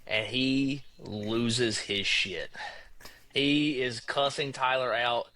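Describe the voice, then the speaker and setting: A young man casually telling a road-trip story on a podcast, animated and swearing, acting out quotes. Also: medium pitch, takes it slowly.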